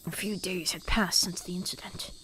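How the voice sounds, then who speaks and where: Wistful teenage boy narrator, read by a woman, soft, slightly low. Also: steady tone, normal speed, in a whisper. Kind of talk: reading a visual novel aloud.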